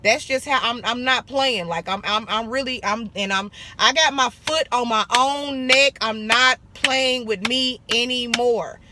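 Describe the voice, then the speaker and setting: This is a young woman from Arkansas with a bright, forward tone. She talks straight to her viewers in a sassy, blunt way, swearing casually and calling them baby and honey. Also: on the high side, unhurried, hardly any pauses, a little hiss or hum. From Arkansas, USA. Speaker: esthetician vlogger. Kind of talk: casual business advice vlog.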